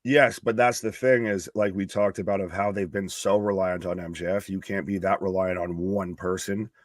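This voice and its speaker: A man from the United States with a lowish voice, co-hosting a wrestling stream. He talks bluntly and jokes through his opinions. The sound is dry, with little room in it. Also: fairly even intonation, moderate pace, no echo. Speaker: co-host of a wrestling live stream. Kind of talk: casual live-stream chat.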